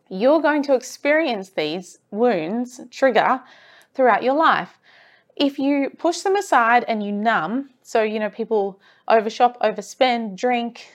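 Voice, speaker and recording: Earnest woman coaching on self-worth. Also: fairly high pitch. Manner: earnest, encouraging, with rhetorical repetition. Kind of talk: motivational monologue.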